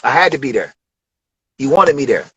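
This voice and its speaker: A man in his forties from Detroit, a rapper telling studio stories in a loose, profane, animated way during an interview. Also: medium pitch, normal speed, breathy edge, dry recording, dull audio. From Detroit, USA. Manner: profane, animated storytelling with acted quotes. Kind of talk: casual storytelling interview.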